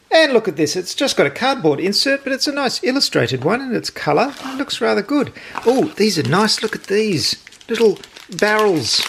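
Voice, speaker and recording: Gravelly man chatting through an unboxing. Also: sits high, a little hiss or hum. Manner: chatty, jokey, delighted asides while handling pieces. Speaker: board game channel host. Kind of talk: casual unboxing commentary.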